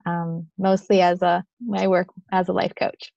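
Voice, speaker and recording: A woman life coach talking as a podcast guest over a video call, in a relaxed manner. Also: fairly low pitch, a little slow, vocal fry, dry recording, lo-fi sound. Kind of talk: casual interview chat.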